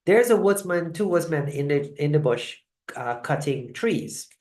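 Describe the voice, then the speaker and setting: A host running a live online talk, teaching motivational lessons and telling stories in an animated way. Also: mid-range voice, unhurried. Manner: animated storyteller, shifts loudness often. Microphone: video call. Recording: roomy echoing sound.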